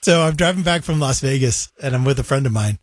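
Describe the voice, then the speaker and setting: A man co-hosting a casual chat show, telling stories with animated retelling of his own thoughts. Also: mid-range voice, fast talker, no room sound, studio quality. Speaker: co-host.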